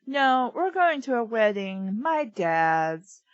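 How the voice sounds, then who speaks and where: A woman doing a gloomy low-voiced girl. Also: fairly even intonation, drawn-out words, no echo, dull audio. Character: sullen young woman shopper.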